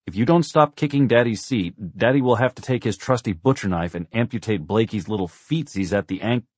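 A man's voice: on the low side, expressive, a little fast, no room sound, pitched above the performer's own voice. A man voicing a tired, dry-humored father driving his family, speaking in a mock-stern, joking way. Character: weary dad driving, dry and wry.

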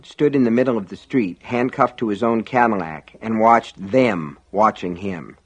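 A man reading an audiobook in a measured, dramatic storytelling manner. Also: fairly low pitch, breathy edge. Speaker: audiobook narrator. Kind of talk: scripted audiobook narration.

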